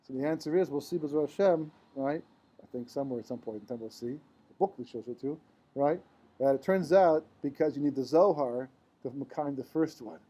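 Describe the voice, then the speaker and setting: Speaking a little fast in a mellow, slightly rough medium-pitched voice, a man gives an informal Torah lecture to a live class. He mixes Hebrew into his English and keeps asking rhetorical questions, checking in with "right?"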